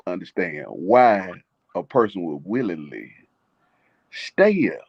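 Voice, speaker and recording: Teasing man from the South, lively voice. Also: deep voice, takes it slowly, creaky, husky, no room sound, highs cut off. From American South. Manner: playful teasing questions. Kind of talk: casual livestream chat.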